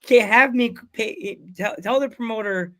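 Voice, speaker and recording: A man's voice: sits high, normal speed, pushed and bright. A man hosting a podcast, telling rambling, jokey stories in casual chat. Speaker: podcast host.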